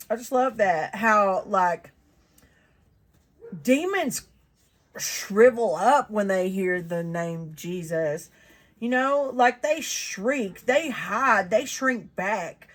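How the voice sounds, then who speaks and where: A woman's voice: on the high side, expressive, slow. A woman, reading the Bible aloud and reflecting on it in a chatty, earnest way with many fillers.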